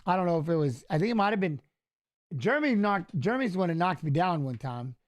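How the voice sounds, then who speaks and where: This guest commentator, a middle-aged ex-fighter, talks fast in a high-pitched, expressive voice. During a casual watch-along of a fight, his stories ramble loosely with frequent restarts.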